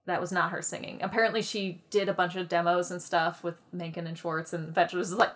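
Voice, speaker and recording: A woman co-hosting a podcast, talking casually about a film, animated and laughing often. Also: on the low side, fairly quick, few pauses, background noise. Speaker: podcast co-host.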